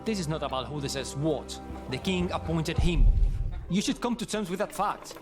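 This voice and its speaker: A man's voice: on the high side, lively intonation, moderate pace, lightly acted. An actor playing a stubborn, dutiful man-at-arms in a story game, stiff and unbending. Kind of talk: game voice acting. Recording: game audio with loud music.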